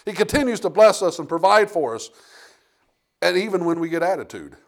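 Man, preacher, fairly high voice, emphatic sermon delivery, reads scripture aloud. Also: big pitch swings, brisk.

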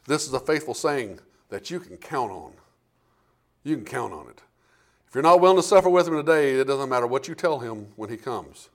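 A man preaching a sermon as pastor, folksy and fervent, swinging from hushed lines to loud ones. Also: medium pitch. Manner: folksy, repeats words and restarts.

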